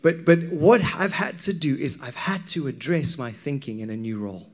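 A man's voice: on the high side, expressive, normal speed. A man preaching a sermon to his congregation, talking in a candid, conversational way and often checking in with the listeners. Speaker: pastor.

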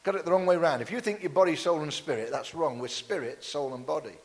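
A man preaching a sermon in a church, lively and jokey, with playful asides to the congregation. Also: on the high side, fast, in a large hall. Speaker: pastor.

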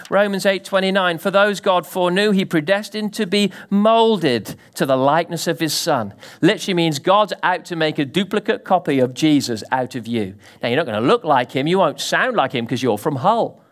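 A pastor with a high voice gives a sermon to a congregation. He is animated, with abrupt rises and drops, and frequently questions the listeners.

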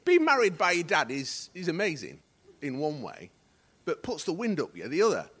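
A middle-aged man preaching a sermon as associate pastor, telling stories and acting out the dialogue, going from hushed to loud. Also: fairly high pitch, huge pitch swings, moderate pace, breathy edge. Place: church hall.

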